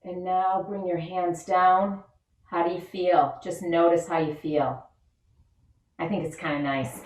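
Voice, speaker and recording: A woman's voice: fairly low pitch, steady tone, unhurried. A woman leading a children's yoga and mindfulness lesson, giving upbeat, encouraging step-by-step instructions. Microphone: camera set back from her. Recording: roomy sound from a distant mic.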